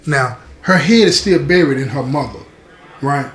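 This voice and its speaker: A man's voice: mid-range voice, expressive, normal speed, a bit bright. A man telling a story in a casual, conversational way, speaking directly to his listeners. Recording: roomy echo.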